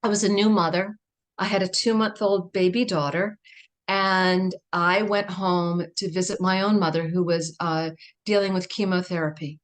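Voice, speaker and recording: A woman's voice: fairly low pitch, steady tone, moderate pace. A middle-aged woman, a guest on a spiritual livestream, telling an intimate personal story in a reflective way. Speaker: guest speaker.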